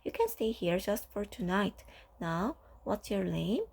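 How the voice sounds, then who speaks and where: A woman's voice: medium pitch, very animated, unhurried, gravelly, a little mellow, slightly rough, heavily acted. A woman voicing a stern older woman who takes in an orphan, firm and clipped, in a storybook reading.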